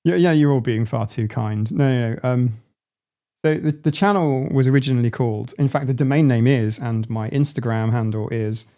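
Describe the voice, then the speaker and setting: Man, forties, live stream host, gravelly voice, stop-start chatter, answering viewer comments. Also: mid-range voice, dark tone. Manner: halting, frequent restarts and self-interruptions.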